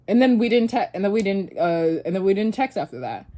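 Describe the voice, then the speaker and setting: A woman's voice: medium pitch, lively intonation, fast talker, few pauses, dark tone. A young woman vlogger casually retelling a story and reacting, rambling with many fillers and restarts.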